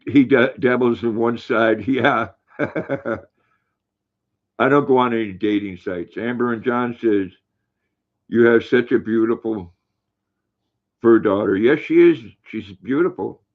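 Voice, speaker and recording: A man's voice: medium pitch, unhurried, long pauses, lo-fi sound. An older man hosting a casual livestream, reading viewer comments aloud and talking fondly to his dog in a folksy way. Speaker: livestream host.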